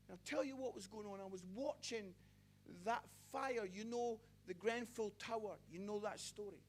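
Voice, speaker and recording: Very high-pitched man preaching passionately. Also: moderate pace, a little hiss or hum. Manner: passionate storytelling, rising to near-shouts. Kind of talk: sermon.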